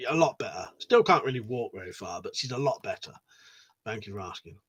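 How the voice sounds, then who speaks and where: A man's voice: fairly low pitch, lively intonation, a little fast, slightly rough. A man hosting a casual livestream, reading viewer messages aloud and chatting back in a matey way, swearing freely. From United Kingdom. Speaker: livestream host.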